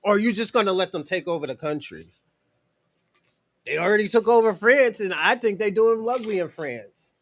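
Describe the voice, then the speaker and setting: A man's voice: high-pitched, animated, brisk, a bit bright, dry recording. A man from the United States chatting on a casual livestream and answering his chat, talking loosely and profanely, filling gaps with "you know" and chuckling often.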